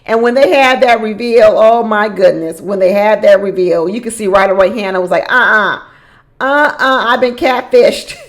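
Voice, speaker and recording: A woman giving a casual recap of a reality show. She is animated, often repeats phrases for emphasis, laughs often and talks straight to the people on the show. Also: mid-range voice, a little fast, hardly any pauses. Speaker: reality show commentator and relationship coach.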